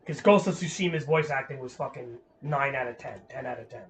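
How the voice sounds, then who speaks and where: A man's voice: medium pitch, fairly quick, a bit bright, a little hiss or hum. Rambling, swearing gamer guy. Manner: rambling, swears freely, fills with "like". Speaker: gaming streamer. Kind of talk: casual rambling chat.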